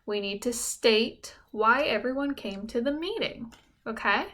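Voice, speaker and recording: A woman teacher with a bright, slightly high voice walks young students through a lesson. She explains things patiently and simply and keeps checking that they follow along. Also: lively intonation, measured pace. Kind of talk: recorded classroom lesson.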